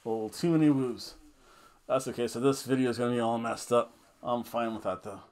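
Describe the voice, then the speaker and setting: A man's voice: mid-range voice, steady tone, brisk, darkish tone. A man giving a casual, rambling, jokey wrestling review full of fillers and restarts.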